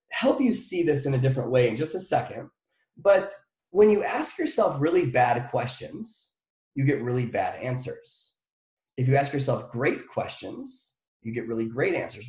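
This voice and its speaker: A man giving a lively motivational talk to a live audience, asking them questions and repeating phrases to drive his point home. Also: on the high side, echoey room. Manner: energetic, repeats phrases, asks the crowd questions. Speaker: motivational speaker. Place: room with an audience.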